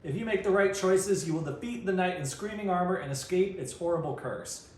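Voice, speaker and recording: A man reading a storybook aloud at a mic and chatting in an animated, jokey way, laughing often. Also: sits high, brisk. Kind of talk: casual reading and chat. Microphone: studio mic. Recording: roomy room with faint noise.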